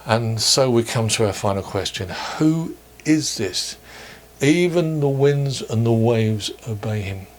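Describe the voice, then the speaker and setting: A man preaching a sermon for online worship, measured and earnest, posing questions to his listeners. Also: mid-range voice, lively intonation, slight background noise. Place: church or home, recorded for online worship.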